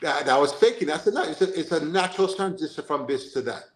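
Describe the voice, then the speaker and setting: The sound is reverberant as a man with a Jamaican accent hosts a casual football chat at a quick pace and fairly high pitch. As podcast host he's animated, goes over things again, and asks "you understand?" often.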